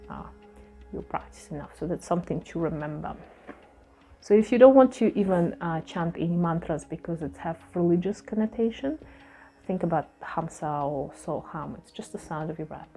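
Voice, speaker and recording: This woman, a yoga teacher, alternates between reading scripture and informally interpreting it, pausing often and using fillers. Her low voice is mellow, slightly rough, and full of vocal fry.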